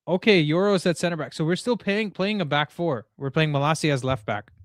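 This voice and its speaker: Young male watchalong host, slangy and excitable, slightly high voice, dry close mic. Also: a little fast, no echo. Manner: excitable, slangy, frequent "bro" and "dude". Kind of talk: live football watchalong commentary.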